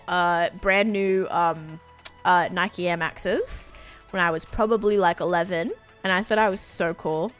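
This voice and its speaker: A young Australian woman chats loosely with her stream viewers while she plays. She wanders from story to story, full of fillers and quick laughs, with soft game music far behind her. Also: lowish voice. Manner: chatty and rambling, full of fillers, often laughing. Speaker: live streamer. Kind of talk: casual chat while gaming.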